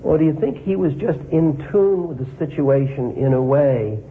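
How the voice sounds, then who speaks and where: A man's voice: fairly high pitch, expressive, moderate pace. Man, spiritual teacher, reflective and questioning, thin lo-fi line with faint hiss. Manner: reflective, asks questions to the listeners. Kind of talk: story reading then reflective talk. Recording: phone-like line with faint noise.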